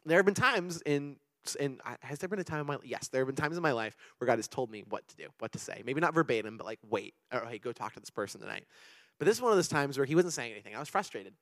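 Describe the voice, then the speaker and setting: A young man preaches in a relaxed, chatty way, telling personal stories with an animated, rambling delivery and frequent restarts. His words come quickly, tumbling out one after another. The recording is close and dry, with no room sound around him. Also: medium pitch, dry recording. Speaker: pastor. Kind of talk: casual sermon with personal stories.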